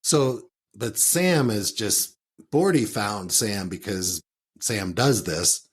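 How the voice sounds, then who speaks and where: Husky-voiced podcast host, animated. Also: male voice, fairly low pitch, slow. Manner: animated, laughs, acts out quotes. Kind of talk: casual interview conversation.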